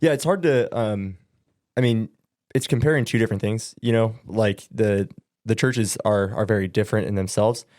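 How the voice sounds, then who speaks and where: A young man from Southern California, a student pastor, talking as a guest on a podcast. His voice sits slightly low, and he rambles easily, full of "like" and "um". The sound is dry and close. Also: normal speed, darkish tone, no room sound. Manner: easygoing, rambling, lots of likes and ums. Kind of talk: casual podcast guest chat.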